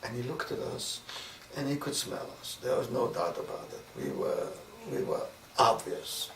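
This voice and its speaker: An older man with a Viennese accent telling his story in an oral history interview, with measured storytelling and vivid recalled dialogue. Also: medium pitch, big pitch swings, vocal fry. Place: interview room. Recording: roomy, distant mic with noise.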